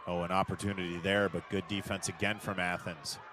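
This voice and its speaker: A man doing live play-by-play commentary of a soccer match, calling the action at a steady pace and rising sharply when a big chance comes. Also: deep voice, brisk, background noise.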